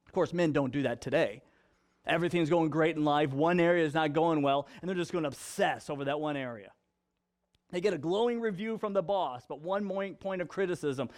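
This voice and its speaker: A man with a notably high voice preaches to his congregation. He fires off rhetorical questions and slips into acted-out quotes. Joking asides keep the sermon light. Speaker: pastor.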